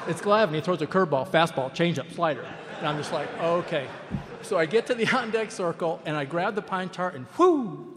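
Guy on a panel telling a baseball story, does all the voices, big echoey hall. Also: medium pitch. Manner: animated storyteller acting out dialogue. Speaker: former ballplayer panel guest. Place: event hall with a crowd. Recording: long hall reverb.

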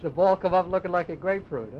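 A man's voice: high-pitched, fast. A man interviewing a former ballplayer, chiming in often with agreement. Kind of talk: oral history interview. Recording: dull lo-fi tape with faint hiss.

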